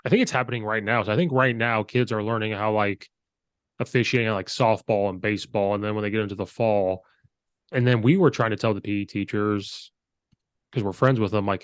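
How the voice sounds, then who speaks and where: Male host, slightly low voice, casual storyteller who acts out dialogue, dry close sound. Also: steady tone, brisk, no echo. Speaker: podcast host and high school coach. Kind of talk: casual chat.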